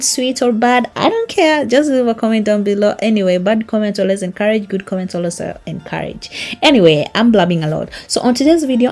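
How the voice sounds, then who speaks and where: A woman's voice: mid-range voice, a little mellow. A young woman from Kenya hosting her own vlog, giving a casual, rambling app tutorial with self-mocking asides. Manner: chatty, rambling, self-mocking with small laughs. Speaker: YouTube vlogger. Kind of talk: casual screen-recorded tutorial.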